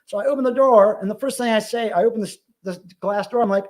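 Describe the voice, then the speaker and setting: A man hosting a live stream, telling a story in a casual, profane, excitable rant. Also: high voice, fast. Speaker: live show host.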